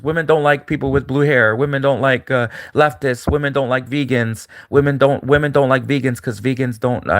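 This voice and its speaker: A man's voice: mid-range voice, no echo, clean studio sound. A man talking alone in a rambling, repetitive monologue with many fillers and restarts. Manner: rambling, repetitive, frequent fillers and restarts, mocking put-on voices. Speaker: commentator.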